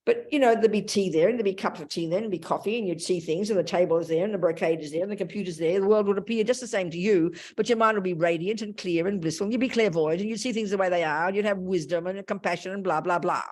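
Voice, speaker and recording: An older Australian woman giving a Buddhist teaching in a blunt, lively and colloquial way. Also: fairly low pitch, fast, few pauses. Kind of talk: Dharma talk.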